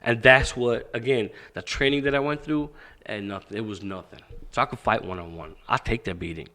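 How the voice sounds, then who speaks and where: Profane, animated male storyteller. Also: on the low side, fairly quick. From Pakistan. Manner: profane, animated, acts out quoted dialogue. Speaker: boxing coach, podcast guest. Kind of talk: candid storytelling interview.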